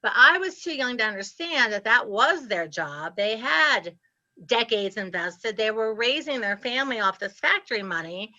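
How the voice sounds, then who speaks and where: A woman, telling her story as an interview guest with lively, laughing animation. Her voice sits fairly high and sounds bright and forceful. The audio is a bit muffled and lo-fi. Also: normal speed. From Ohio, US Midwest. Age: 60s. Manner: animated, laughs often, acts out her past self.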